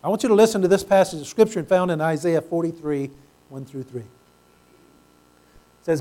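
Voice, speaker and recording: A man preaching a sermon as pastor, emphatic, building to loud praise and calling for amens from the congregation. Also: high-pitched, moderate pace, pauses often.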